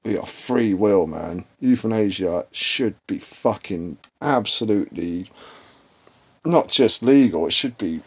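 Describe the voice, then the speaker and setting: A man's voice: lowish voice, expressive, measured pace, a little mellow, slightly rough. A man in his forties ranting on his own channel in a blunt, profane, meandering way. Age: 40s. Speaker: channel host. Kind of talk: casual rambling rant.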